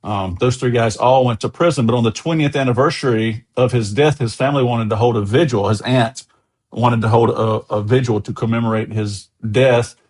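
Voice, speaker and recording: A man's voice: medium pitch, normal speed, darkish tone. American male guest, mid-range voice, chatty anecdotal storyteller. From USA. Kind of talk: casual interview storytelling.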